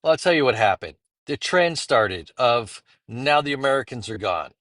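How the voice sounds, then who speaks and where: A man's voice: medium pitch, expressive, normal speed, a bit bright, dry recording, studio quality. A man telling a story with a mocking tone in a casual vlog. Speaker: content creator.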